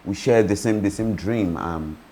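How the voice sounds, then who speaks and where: A man's voice: sits low, normal speed, mellow, a little hiss or hum. A man talking as a guest in a casual interview, hesitant and often repeating his words. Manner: hesitant, repeats himself while thinking.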